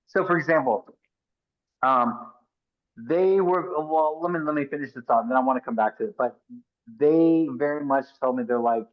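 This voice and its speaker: Earnest middle-aged man, muffled audio. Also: mid-range voice. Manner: earnest, emphatic, talks in rapid restarts and asides. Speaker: podcast guest. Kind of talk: conversational interview storytelling.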